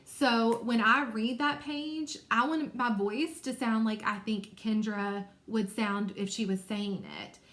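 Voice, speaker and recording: Woman teacher with a higher voice. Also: steady tone, slow pace, few pauses, fairly bright tone. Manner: patient, clearly explaining. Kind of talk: recorded reading lesson for young children.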